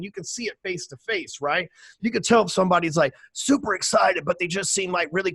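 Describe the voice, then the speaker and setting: A man, talking emphatically and with high energy as a podcast guest, swearing casually. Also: fairly bright tone, breathy edge, dry recording. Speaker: podcast guest, sales trainer. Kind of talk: energetic interview talk.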